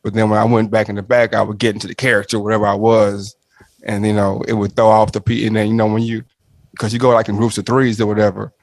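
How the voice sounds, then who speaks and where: Pria santai yang bercanda dalam suara kering. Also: male voice, fairly low pitch, flat delivery, fast, dry recording. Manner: playful, jokey, laughs often. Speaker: show host. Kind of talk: casual chat.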